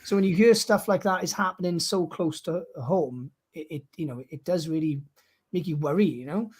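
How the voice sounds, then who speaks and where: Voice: medium pitch, moderate pace, a little mellow, husky. A co-host on a podcast livestream, rambling and thinking aloud with lots of ums. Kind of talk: casual livestream chat.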